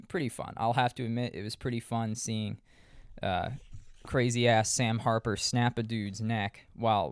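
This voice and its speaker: A lowish, smooth and resonant man talking into a close mic in a dry room. He recaps a movie casually, rambling, circling back and restarting his sentences, dropping the odd swear. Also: no room sound. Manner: rambling, many restarts and fillers, profane asides. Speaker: podcast host.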